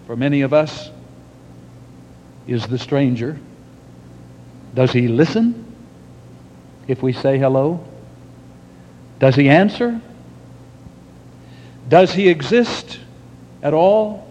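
Male preacher, unhurried dramatic sermon storytelling, higher voice, long hall echo. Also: dark tone. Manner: slow and dramatic, long pauses. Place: church hall with audience. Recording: long hall reverb, dull lo-fi, faint rumble.

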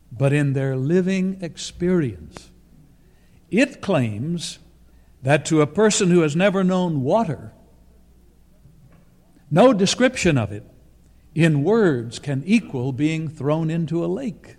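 A man preaching in a slightly high voice, his words spaced out by long, deliberate pauses. His sermon rings through a big hall with a long, trailing reverb. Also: expressive, darkish tone. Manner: slow, deliberate delivery with pauses between phrases.

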